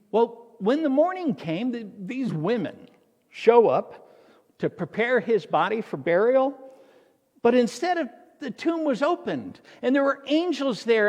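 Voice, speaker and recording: Slow-speaking, high-voiced male pastor. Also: darkish tone, long reverb tail. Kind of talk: sermon. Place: church.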